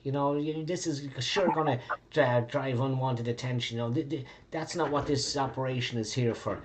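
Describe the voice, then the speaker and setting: Man doing a nervous, stammering henchman, low-key read. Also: moderate pace, noisy background, close to an everyday voice. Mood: panicky. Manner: jittery, stammering complaints. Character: panicky nervous male henchman.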